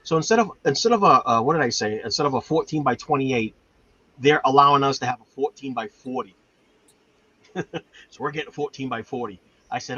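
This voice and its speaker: A man's voice: medium pitch, animated, brisk, sharp tone, slight background noise. A man, hosting a homestead channel and chatting casually with lots of fillers, in a dull lo-fi recording. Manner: rambling, chatty storytelling with many fillers. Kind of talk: casual chat. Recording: dull lo-fi sound.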